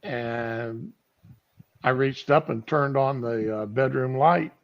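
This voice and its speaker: Casual streamer guy, gravelly voice, rambling delivery, lo-fi audio. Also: mid-range voice, takes it slowly. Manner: rambling, with fillers. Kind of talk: casual chat.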